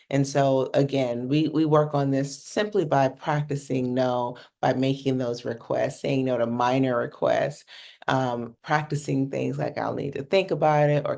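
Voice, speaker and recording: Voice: medium pitch, gravelly, a little mellow. A communication coach from North America giving a workshop teaching talk in a casual, blunt manner, swearing freely and often checking in with "right?".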